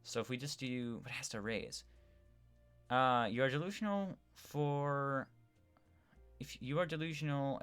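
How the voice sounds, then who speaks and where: A man's voice: medium pitch, a bit bright, clean tone. A man live-streaming a game in a casual, rambling way, reading viewer chat aloud as he plays. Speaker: gaming streamer.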